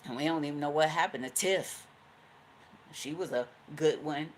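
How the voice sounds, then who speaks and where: A woman with a notably low voice gives a casual tarot reading, swearing freely and spinning the cards into stories. She slips into the voices of the people she describes and laughs along the way. There is a faint hiss of noise under her voice. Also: normal speed. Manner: profane, storytelling, acts out quoted voices, laughs often. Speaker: tarot card reader.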